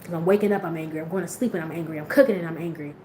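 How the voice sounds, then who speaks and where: A woman's voice: deep voice, very fast, mellow, echoey room, a little hiss or hum, poor audio. A woman hosting a livestream, speaking frankly and with plenty of swearing as she talks straight to her viewers in a candid, motivational way. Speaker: livestream host.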